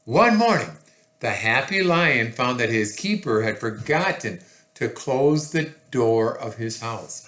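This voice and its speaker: A man reading a picture book aloud to children, slow and expressive with chatty asides. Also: mid-range voice, reverberant.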